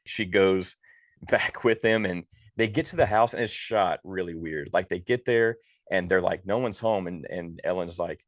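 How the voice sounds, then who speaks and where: A man's voice: low-pitched, unhurried, a bit bright, dry recording, clean studio sound. A man co-hosting a podcast, giving an exasperated, profane movie review in casual chat. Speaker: podcast co-host.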